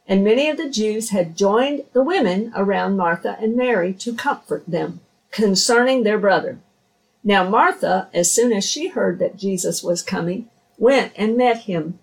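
A woman reading scripture aloud in a slow, measured way. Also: medium pitch, a little mellow, distant mic, rough recording. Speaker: scripture reader.

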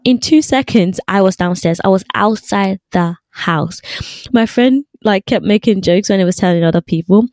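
A young woman tells a story to her viewers in a chatty, animated way, full of fillers. Her voice sits at a middle pitch. The sound is dry and close, with no room echo. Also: normal speed. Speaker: vlogger. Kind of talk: casual storytime chat.

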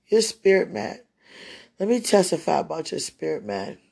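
A woman's voice: low-pitched, big pitch swings, unhurried, vocal fry, mellow, husky. A woman talking into a phone held close, emotional and repetitive, with a prayerful tone, as if speaking live to a loved one.

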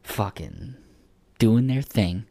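A man's voice: on the low side, sing-song, slow, creaky, warm tone, no echo. A man co-hosting a podcast, chatting casually about sports in a rambling, profane way full of filler words. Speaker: podcast co-host.

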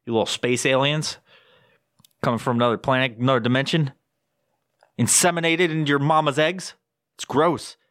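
A man's voice: mid-range voice, steady tone, normal speed, pauses often, fairly bright tone, no room sound, clean studio sound. A man hosting his own podcast, rambling through sponsor plugs in a crude, swear-heavy casual monologue. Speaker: podcast host.

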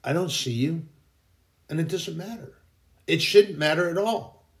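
A man's voice: fairly high pitch, measured pace, roomy sound. A man hosting a casual faith podcast, telling anecdotes in a rambling way that often corrects itself. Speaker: podcast host.

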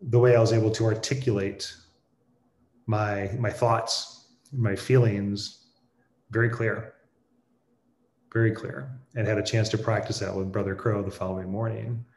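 A man with a somewhat low voice talks through a personal experience in a reflective, halting way. He pauses and restarts often as he searches for words. The recording has a noticeable roomy echo. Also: little pitch movement, a little mellow. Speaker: guest sharing a personal experience. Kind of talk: reflective conversational storytelling.

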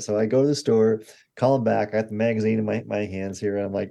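Storytelling man in his sixties, mellow. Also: on the low side, fairly quick, creaky. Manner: animated anecdotes with acted-out quotes. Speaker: guest expert. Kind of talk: conversational interview storytelling.

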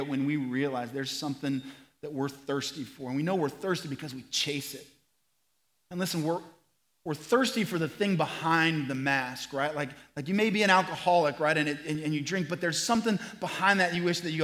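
A male lead pastor preaching a sermon, animated, acting out voices in the story and swinging between loud emphasis and quiet, low moments. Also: fairly quick.

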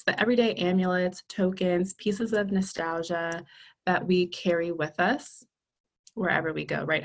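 A woman guest in a casual podcast interview, talking earnestly and enthusiastically with frequent ums. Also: on the low side.

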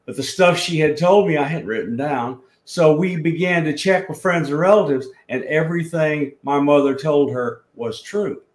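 Southern man telling a story, roomy echo. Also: a little high. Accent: South Alabama Southern. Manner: unhurried, rambling with restarts. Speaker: guest. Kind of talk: storytelling in a podcast chat.

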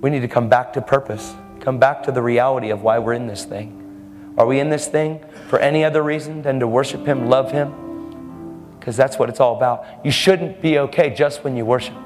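A man's voice: medium pitch, fairly even intonation, a little fast, darkish tone. Emphatic male preacher in a reverberant hall. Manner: bold, emphatic, laughing asides. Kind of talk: sermon. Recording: hall reverb with faint music.

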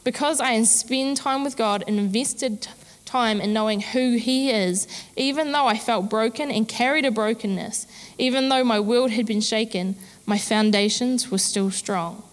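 A woman's voice: on the high side, moderate pace, in a large hall. Candid woman pastor preaching. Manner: candid, chatty, self-deprecating humor. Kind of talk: sermon.

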